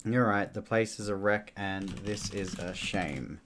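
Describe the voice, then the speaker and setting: A man's voice: lowish voice, unhurried, fairly bright tone, slight background noise. A man giving laid-back, chuckling commentary while streaming a video game. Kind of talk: casual gameplay commentary.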